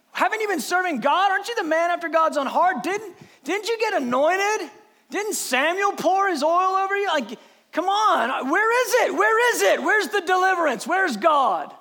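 A man preaching a sermon voices a male critic who taunts loudly with incredulous questions. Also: very high-pitched, expressive, a little slow, voice pushed up, exaggerated voice. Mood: taunting. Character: mocking male critic taunting a troubled king.

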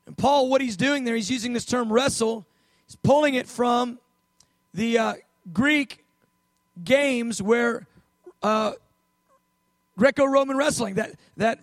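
High-voiced man preaching a casual sermon. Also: no echo. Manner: conversational storytelling, emphatic slow stresses.

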